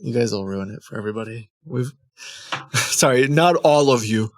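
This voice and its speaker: A man's voice: mid-range voice, animated, normal speed, dry recording. Rambling streamer man, dry close mic. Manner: rambling, self-interrupting, laughs often. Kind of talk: casual live-stream chat.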